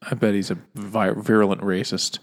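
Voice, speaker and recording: A man's voice: fairly low pitch, flat delivery, moderate pace. A man co-hosting a casual book-and-beer podcast, telling long rambling jokes with plenty of swearing and laughing at his own punchlines. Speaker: podcast co-host. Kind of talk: casual chat over beer.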